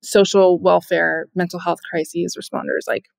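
Woman, podcast guest, earnest, gravelly, dry close mic. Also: fairly low pitch, fairly even intonation, measured pace, a little mellow, dry recording. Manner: earnest, lots of fillers. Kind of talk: casual chat.

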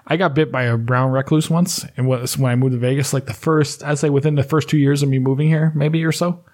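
A man's voice: medium pitch, fairly even intonation, brisk, darkish tone. A man co-hosting a podcast, chatting casually with profane, joking banter. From United States. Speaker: podcast co-host. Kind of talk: casual chat. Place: lives in Las Vegas.

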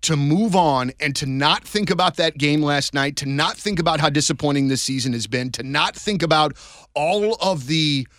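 A man co-hosting a sports podcast, telling stories in a rambling, animated way with many restarts. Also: on the high side, normal speed, dry recording, clean studio sound. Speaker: podcast co-host. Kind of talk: casual sports chat.

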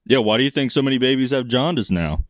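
A man's voice: mid-range voice, lively intonation, quick pace, no room sound, clean studio sound. A man co-hosting a casual comedic chat who makes crude jokes and laughs a lot. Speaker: podcast co-host.

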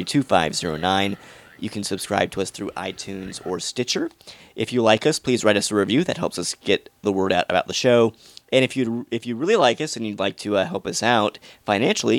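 A man's voice: fairly low pitch, no echo. A man hosting a podcast, chatting casually and reading the show's sign-off plugs in an easygoing way. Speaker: podcast host. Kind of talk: casual chat and show outro.

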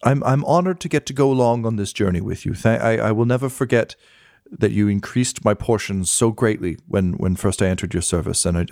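A man's voice: lowish voice, gravelly, darkish tone, dry recording, studio quality. A game master voicing a fussy, stammering male clerk who serves a lord, deferential to his master and pompous about those beneath him. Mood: grateful. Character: fussy, snobbish male clerk servant, adult. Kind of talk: tabletop role-play.

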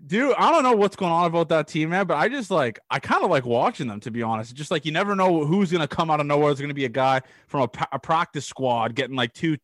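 A man's voice: on the high side, lively intonation, quick pace, few pauses, fairly bright tone, dry recording, clean studio sound. A young man from Toronto hosting a casual chat, enthusiastic and prone to big, sweary praise. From Toronto, Canada. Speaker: podcast host.

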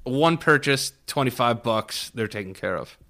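A young man co-hosting a podcast, teasing his friend with deadpan one-liners in casual chat. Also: mid-range voice, normal speed. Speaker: podcast co-host.

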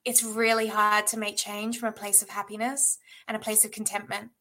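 A woman's voice: mid-range voice, flat delivery, brisk, bright, forceful tone. A woman in her thirties, a guest in a conversation, telling a personal story in a reflective, earnest way with many filler words. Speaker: guest, intuitive channel.

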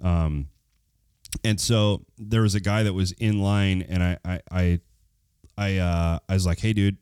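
A man's voice: deep voice, fairly even intonation, unhurried, a little mellow, clean tone, dry recording, clean studio sound. A man telling a long personal story to his viewers, rambling with lots of fillers and acting out the dialogue, while getting over a cold. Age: adult. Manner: rambling, many fillers, acts out quoted dialogue. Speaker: vlogger.

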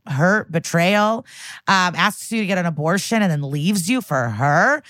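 With a lowish voice at a moderate pace and no echo in the recording, this podcast co-host goes back over a TV crime episode in a relaxed way. Her retelling is lively, full of fillers, and she performs the characters' quotes as she goes.

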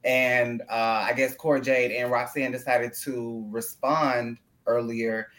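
A woman's voice: extremely low pitch, little pitch movement, slow pace, fairly bright tone. A woman talking bluntly and with swearing in a casual group chat on a podcast.

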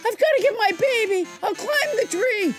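A woman's voice: very high voice, expressive, moderate pace, soft background music, voice pushed up. A woman playing a frantic mother desperate to reach her baby. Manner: frantic, breathless.

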